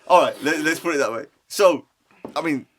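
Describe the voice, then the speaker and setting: A man's voice: on the high side, normal speed, crowd noise. A man hosting a podcast, asking long, rambling questions full of restarts. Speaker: podcast host. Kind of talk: casual interview chat.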